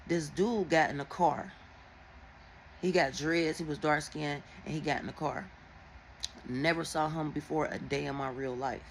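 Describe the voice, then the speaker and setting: A woman who reads tarot, telling viewers a dream in a casual, animated and heavily profane way. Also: low-pitched, normal speed, a little hiss or hum, poor audio. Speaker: tarot and oracle reader.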